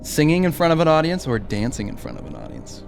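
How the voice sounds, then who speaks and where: A man hosting a podcast, chatting easily and reading out quick either-or questions. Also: fairly high pitch, wildly swooping pitch, vocal fry, over music. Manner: easygoing, reading quiz questions. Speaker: podcast host. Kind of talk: casual chat.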